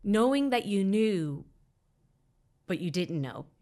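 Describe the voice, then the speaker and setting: A woman telling a painful personal story as a podcast guest, sometimes dropping to a hushed whisper and acting out other people's words. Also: medium pitch, very animated, slow pace. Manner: acts out others' words in quotes.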